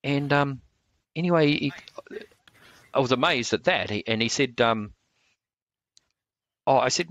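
A man, telling stories in a relaxed interview, rambling with lots of fillers and restarts. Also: medium pitch, moderate pace, long pauses, no echo. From New Zealand. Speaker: martial arts instructor.

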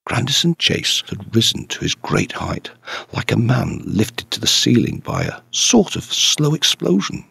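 A man narrating a detective story in a measured, scripted way. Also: lowish voice, sing-song, vocal fry, pushed and bright, slightly rough, no room sound. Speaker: audiobook narrator.

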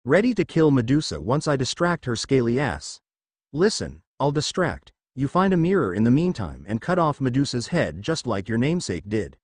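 A man's voice: medium pitch, sing-song, moderate pace, a little mellow, slightly rough, no room sound, clean studio sound. A man reading the lines of a brash, hot-tempered teenage boy hero in a fan fiction story, with a cocky, teasing manner.

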